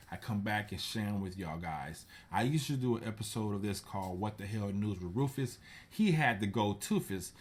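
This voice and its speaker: A man's voice: lowish voice, darkish tone. A man hosting a casual vlog, retelling odd news stories in a laid-back, slangy way. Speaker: show host.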